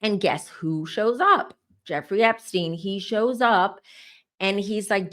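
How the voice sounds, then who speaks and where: A woman with a mid-range, fairly bright, expressive voice speaks slowly. She's a psychic tarot reader describing a vision to her viewers, chatting casually and telling the story straight to camera.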